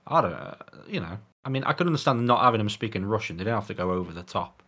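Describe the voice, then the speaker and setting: A deep-voiced man co-hosts a podcast in loose, rambling chat. He ends his points with tag questions and bursts into hearty laughter. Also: lively intonation, fast, a bit bright. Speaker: podcast co-host.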